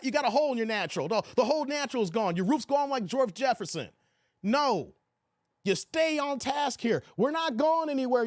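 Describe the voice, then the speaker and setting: A man hosts a casual livestream, taunting and trash-talking the people in his chat with plenty of slang. His voice sits high and swings widely in pitch as he gets worked up. The sound is dry, with no room echo. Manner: animated, laughs often. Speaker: livestream host reading chat.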